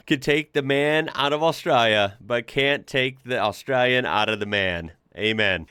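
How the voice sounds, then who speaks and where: A man's voice: mid-range voice, fairly bright tone, clean tone, no room sound. Guy reacting to clips, chatty, lots of ums and laughs, voice jumps around a lot, dry close sound. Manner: chatty, laughs often, many fillers and restarts. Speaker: reaction video host. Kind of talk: casual reaction commentary.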